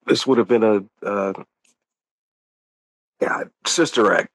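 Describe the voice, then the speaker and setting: A man's voice: on the low side, slow pace, no echo. A man co-hosting a casual movie commentary, laid-back and profane in his banter. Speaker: podcast co-host.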